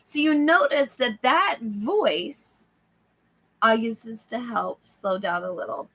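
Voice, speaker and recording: A woman hosts a live book club, reading aloud casually, acting out lines and the inner voice, laughing often, and checking in with listeners in chat asides. Her slightly high voice is animated and unhurried.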